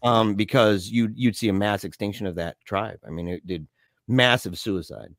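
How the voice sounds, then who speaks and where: A man chatting casually on a podcast, telling a story in an animated, slangy way, often laughing and calling his friend dude. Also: fairly low pitch, normal speed, no room sound, clean studio sound.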